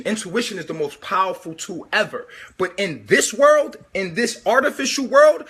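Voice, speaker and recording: High, husky-voiced preachy male vlogger. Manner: animated, swears often, preachy. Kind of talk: casual preaching monologue.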